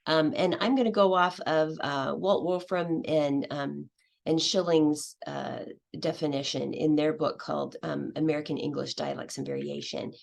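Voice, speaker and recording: A middle-aged woman teacher gives a conference talk, her low voice carrying a gravelly edge of vocal fry. She talks hesitantly, filling pauses with ums and starting phrases over. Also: fairly even intonation, darkish tone. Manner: hesitant, many fillers and restarts. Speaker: English language teacher. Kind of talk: conference presentation.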